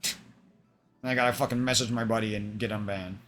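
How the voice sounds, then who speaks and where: A man's voice: fairly low pitch, steady tone, normal speed, fairly bright tone, a little hiss or hum. A young man streaming, venting in a rambling, aggrieved monologue full of swearing.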